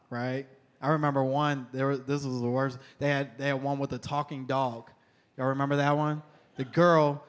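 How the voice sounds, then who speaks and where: A man's voice: mid-range voice, a bit bright. A young man doing stand-up comedy in a wry, chatty way, chuckling at his own lines on a stage mic. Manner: wry, conversational, laughs at his own jokes. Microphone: handheld stage mic.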